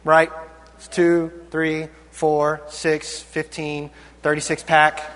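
A man's voice: on the high side, completely flat delivery, slow pace, a bit bright, slight background noise. A man preaching a sermon to a live congregation, playful and teasing in his asides. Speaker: pastor. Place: large church hall with live audience. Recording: long reverb of a large hall.

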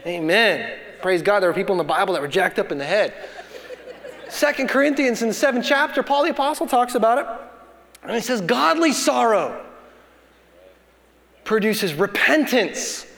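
A man's voice: sits high, lively intonation, moderate pace, gravelly, pauses often, a bit bright. A pastor in his thirties preaching a sermon, building to emphatic bursts and telling family stories. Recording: long hall reverb.

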